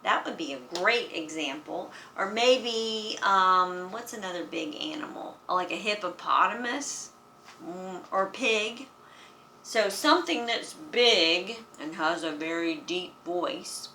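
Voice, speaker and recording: A woman music teacher giving a children's music lesson, speaking in a gentle, encouraging way to young children. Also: lowish voice, expressive, takes it slowly, a little hiss or hum.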